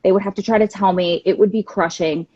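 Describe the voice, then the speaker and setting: A woman's voice: medium pitch, steady tone, quick pace, darkish tone, no echo. Woman in her 30s telling her story straight, pretty candid, dull dry audio. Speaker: guest, support group founder. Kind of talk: livestream interview, personal story.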